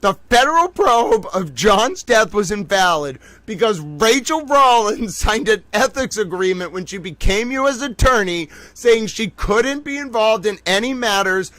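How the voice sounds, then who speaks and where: A man with a high, bright, forceful voice hosts a livestream late at night, excitable and swearing freely as he rambles straight to his viewers. He sounds tired from a long day, and the sound is close and dry, with no room echo. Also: a little slow, few pauses. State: tired from being up all day. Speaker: livestream host.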